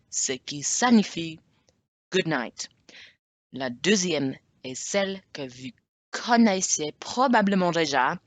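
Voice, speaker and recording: Woman teacher, low voice, unhurried, repeats words for drills, dry close sound. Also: no echo. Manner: switches between French and English. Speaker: language teacher. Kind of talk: spoken language lesson.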